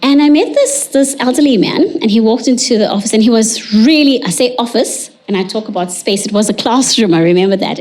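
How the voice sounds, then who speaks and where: A woman, an educational psychologist, telling a story to an audience and acting out the dialogue. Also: a little high. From South Africa. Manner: animated, acts out quoted dialogue.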